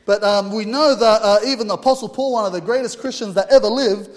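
Man, preacher, earnest informal sermon, very high voice, echoing church hall. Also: fast. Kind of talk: sermon with storytelling. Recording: long hall reverb.

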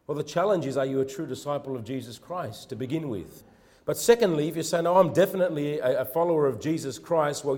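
A man preaching a sermon with rising fervor, often repeating words as he builds, then softening into quiet prayer. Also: medium pitch, long reverb tail. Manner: preaches with swelling fervor, then drops to soft intimate prayer; repeats words and phrases when starting a line.

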